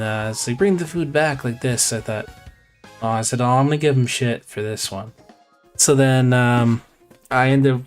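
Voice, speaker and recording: A man streaming live and chatting with viewers as he tells a long, meandering story. His voice sits at an ordinary middle pitch, and he keeps stopping to restart his sentences. Faint music plays behind him. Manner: rambling, with many fillers and restarts. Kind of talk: casual storytelling to stream chat.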